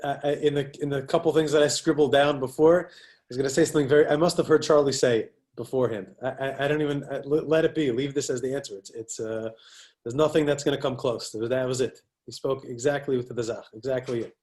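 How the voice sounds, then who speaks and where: A man's voice: mid-range voice, fairly even intonation, fast talker, darkish tone. A man on a discussion panel, stammering as he talks and heaping praise on another speaker.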